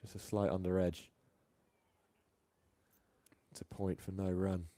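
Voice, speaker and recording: A man from England doing live ball-by-ball cricket commentary, chatty and quick to laugh between deliveries. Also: sits low, level tone, mellow, dry recording.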